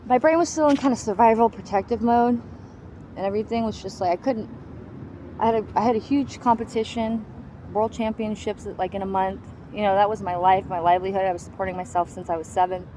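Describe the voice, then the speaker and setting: A woman's voice: medium pitch, steady tone, a little fast, dark tone, slight background noise, rough recording. A woman giving a raw, personal account of surviving an attack, in a blunt and heavily profane way. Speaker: survivor telling her story.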